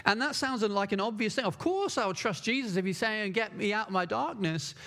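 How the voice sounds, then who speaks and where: A man's voice: high voice, lively intonation, brisk, a bit bright. A man preaching a sermon, earnest and emphatic, repeating key words for stress.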